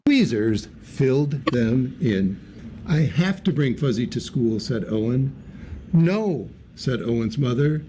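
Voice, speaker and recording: Male storybook reader, warm and mellow, lively with character voices, faint hiss. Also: mid-range voice, a little slow. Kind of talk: reading a picture book aloud.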